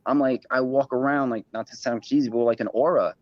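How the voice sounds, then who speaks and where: A man's voice: mid-range voice, fairly even intonation, brisk, no room sound, lo-fi sound. A man speaking as a guest in a casual livestream conversation, rambling and cursing with many restarts.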